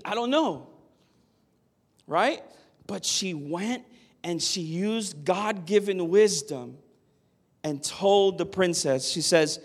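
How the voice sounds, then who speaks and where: A man's voice: high-pitched, lively intonation, slow, long pauses, husky. A man preaching a sermon, earnest and emphatic, often asking the listeners "Amen?". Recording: long hall reverb.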